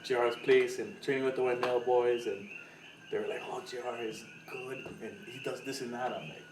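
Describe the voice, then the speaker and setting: A man's voice: mid-range voice, a little fast. A man from Hawaii, co-hosting a podcast and telling a story in casual chat, acting out what others said. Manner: animated storyteller, acts out quotes with loud laughing voices. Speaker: podcast co-host. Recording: echoey room, mic at a distance, faint noise.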